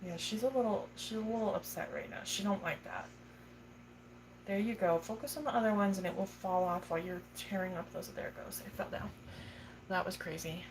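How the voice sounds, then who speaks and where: A woman's voice: medium pitch, brisk, noisy background. A young woman casually chatting on a livestream while tending her tarantulas, swearing freely and cooing at her spider. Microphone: phone.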